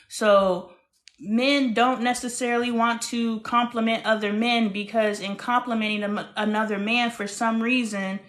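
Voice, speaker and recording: A woman in her thirties hosting a casual live stream, speaking frankly and with animation, swinging between loud bursts and hushed asides. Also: fairly high pitch. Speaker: host.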